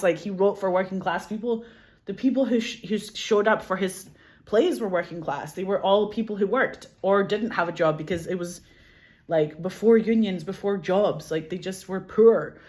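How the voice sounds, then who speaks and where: A woman with a Glasgow Scottish accent, chatting casually as an interview guest, animated, laughing often, swearing and saying "like" a lot. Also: medium pitch, normal speed. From Scotland. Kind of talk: casual chat.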